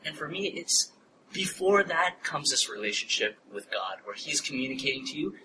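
Male pastor, animated storyteller turned hushed preacher, mic set back, room noise. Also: mid-range voice, moderate pace. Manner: animated storytelling, laughs at own story, drops to a soft near-whisper when preaching. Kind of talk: sermon with personal story. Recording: distant mic, noisy room ambience.

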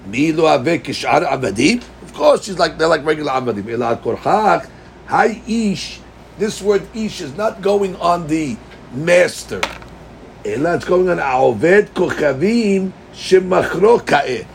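A man's voice: a little high, very animated, measured pace, creaky, a little hiss or hum. A man teaching a Talmud class. He reads the text in a chanting lilt, then explains it plainly and puts questions to his students. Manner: addresses students directly with questions.

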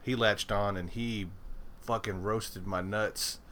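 A man's voice: lowish voice, steady tone, slow, fairly bright tone, slight background noise. A man hosting a podcast in casual chat, rambling with stumbling restarts and swearing freely. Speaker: podcast host.

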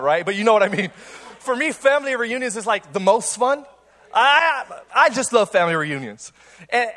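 A young man preaches to a congregation in a church hall, telling a playful story at an energetic clip. His voice sits noticeably high for a man, and he often restarts his sentences and repeats words as he goes. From Cuban. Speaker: pastor. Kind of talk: sermon with personal story. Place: church auditorium before a congregation.

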